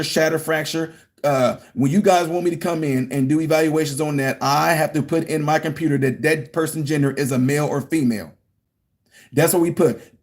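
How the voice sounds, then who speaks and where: A man with a fairly high speaking voice telling a story about his workplace in a casual monologue. He is emphatic and animated, often acting out what he and others said. His pace stays loose and conversational. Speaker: hospital worker and vlogger.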